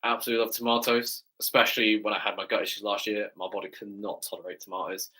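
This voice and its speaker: A man's voice: lowish voice, level tone, fast talker, bright, forceful tone. A man with an English accent, a fitness coach chatting enthusiastically with viewers on a live stream Q&A, often tagging his sentences with "right?".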